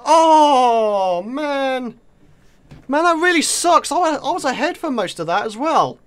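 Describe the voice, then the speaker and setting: A man with a British accent commentating live on his own gameplay, excitable and taunting his opponents. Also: extremely high pitch, a little fast. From Britain. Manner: excitable, talks to opponents and viewers. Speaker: gaming video creator.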